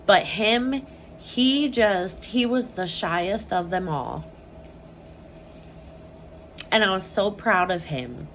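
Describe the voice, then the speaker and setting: A woman's voice: medium pitch, lively intonation, slow pace, pauses often, slight background noise. A woman talking candidly at home in a casual vlog, speaking openly about her children, peppering her talk with "like" and casual swearing. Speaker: mother vlogging about her family. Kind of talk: casual personal vlog chat.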